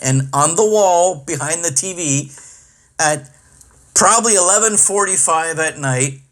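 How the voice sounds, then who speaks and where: A man's voice: fairly high pitch, a little slow, a bit bright. Profane, exasperated ranting man. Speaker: podcast host and comedian. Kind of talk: comic rant monologue.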